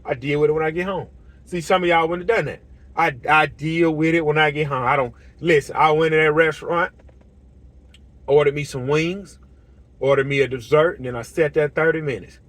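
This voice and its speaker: A man's voice: on the high side, steady tone, fairly quick, fairly bright tone, no room sound. A middle-aged man, ranting bluntly and heatedly to camera as a channel host, acting out conversations as he tells his stories. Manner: blunt, heated, repetitive storytelling with quoted dialogue. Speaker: lawn care business owner and channel host. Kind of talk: casual rant to camera.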